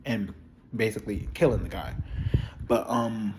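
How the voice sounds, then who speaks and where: Low-voiced man, blunt and rambling. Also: unhurried, background noise. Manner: candid, rambling, profane, blunt opinions. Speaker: video creator reviewing a TV show. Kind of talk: casual chat.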